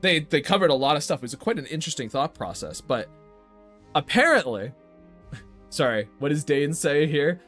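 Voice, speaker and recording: A man's voice: fairly high pitch, sing-song, normal speed, a bit bright, soft background music. A young man livestreaming while he draws, chatting straight to his viewers and ranting with plenty of swearing. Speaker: artist streaming his drawing. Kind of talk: casual livestream chat.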